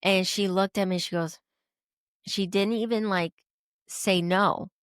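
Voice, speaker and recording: A woman guest telling a personal story in a lively way, acting out the dialogue she quotes. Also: medium pitch, unhurried, clean tone, no echo, studio quality. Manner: animated, acts out quoted dialogue. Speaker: podcast guest.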